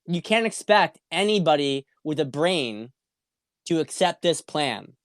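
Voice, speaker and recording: A male host talks through viewer questions on a casual livestream, blunt and sometimes profane, repeating his points. His voice is smooth and resonant at a middling pitch. The sound is dry and close, with almost no room behind it. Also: lively intonation, measured pace, dry recording. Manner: blunt and profane, with frequent repetition and restarts. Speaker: show host.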